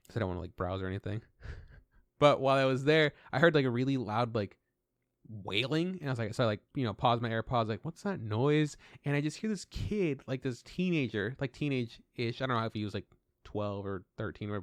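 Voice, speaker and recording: A young man of medium pitch telling a long, rambling podcast story, leaning on "like" and slipping into quoted voices. The sound is close and dry, with no room echo. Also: clean tone. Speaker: podcast co-host. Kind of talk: casual chat.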